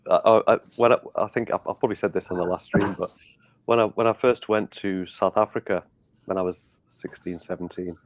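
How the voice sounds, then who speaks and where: A middle-aged man from Liverpool with a softened Scouse accent, rambling in casual chat with many restarts. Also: sits low, steady tone, a little fast, no room sound. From Liverpool, England. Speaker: guest.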